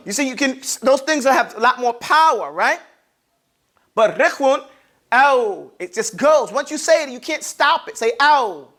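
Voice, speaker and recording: High-voiced man teaching pronunciation to a class. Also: lively intonation, measured pace. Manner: calls on the class to repeat sounds after him; demonstrates sounds, sometimes loudly. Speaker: Arabic teacher. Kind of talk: classroom lesson on letter pronunciation.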